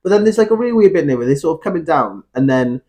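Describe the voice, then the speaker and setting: A man's voice: on the high side, very animated, very fast, a little mellow. A man co-hosting a film podcast, retelling scenes in a rambling, hedging way. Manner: rambling, hedging with "sort of" and "kind of". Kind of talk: casual film review chat.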